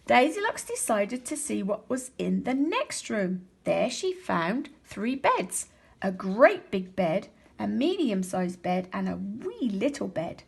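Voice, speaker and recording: A woman teacher reading a children's storybook aloud, expressive and slowing down for emphasis. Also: fairly high pitch, creaky, breathy edge.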